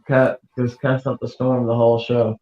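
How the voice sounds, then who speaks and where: A man's voice: medium pitch, completely flat delivery, moderate pace, darkish tone, muffled recording. A man co-hosting a fan radio show, chatting casually in a laid-back, joking way. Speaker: co-host. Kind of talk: casual chat.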